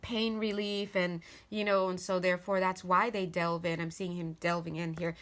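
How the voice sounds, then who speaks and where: A woman's voice: on the low side, little pitch movement, normal speed, fairly bright tone. A woman giving an intuitive tarot reading to camera. She speaks earnestly as if passing on spirit messages, often restarting her sentences. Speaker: tarot reader.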